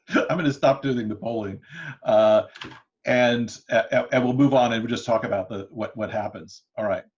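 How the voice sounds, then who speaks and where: A man's voice: mid-range voice, normal speed. A man giving an interactive classroom lecture, talking loosely with many fillers and restarts, often chuckling. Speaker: history lecturer. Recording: dull lo-fi lecture recording.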